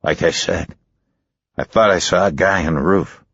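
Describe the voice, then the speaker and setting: Guy playing a shaken ex-marine husband, deep husky voice, halting, dull lo-fi audio. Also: fairly bright tone, no echo, full character voice. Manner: halting, rattled.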